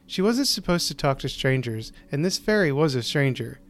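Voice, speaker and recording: A man hosting and narrating a short story, reading in a measured, deliberate way with slowed pauses. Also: mid-range voice, big pitch swings. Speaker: host and narrator.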